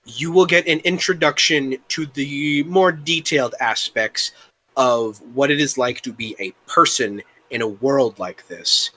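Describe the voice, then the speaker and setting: A young man talking casually as an interview guest, rambling and halting, with the occasional curse. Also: mid-range voice, bright, forceful tone. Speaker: guest, worldbuilding creator.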